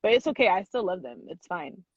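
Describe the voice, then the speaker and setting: A woman's voice: fairly low pitch, big pitch swings, brisk, crowd noise. A young woman hosting a podcast, chatting casually and teasing her guest, laughing often. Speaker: podcast host. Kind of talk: casual chat. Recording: dull lo-fi sound.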